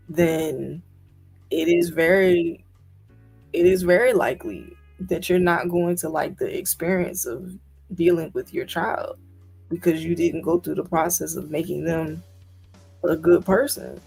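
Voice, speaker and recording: A woman's voice: fairly low pitch, creaky, darkish tone, breathy edge. A woman guest in a casual discussion, talking emphatically with indignant rhetorical questions. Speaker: guest commentator.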